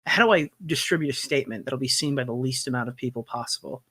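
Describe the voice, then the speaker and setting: Bright-voiced man in crude, joking stream chat. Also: mid-range voice, quick pace, husky, no echo, studio quality. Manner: crude, joking, breaks into laughter. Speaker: commentary streamer host. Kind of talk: casual livestream chat.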